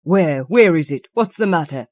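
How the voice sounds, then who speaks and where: A woman's voice: low voice, lively intonation, normal speed, a little mellow, no echo. Woman reading a frightened old husband, unsteady and anxious, voice raised a little. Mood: alarmed. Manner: unsteady, stammering pleas. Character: frightened, shaken elderly husband.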